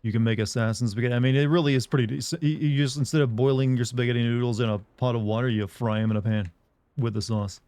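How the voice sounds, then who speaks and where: A man's voice: mid-range voice, fairly even intonation, fast talker, darkish tone, no room sound. A man chatting casually with viewers while streaming a game, rambling, joking, and laughing often. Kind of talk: casual chat while playing.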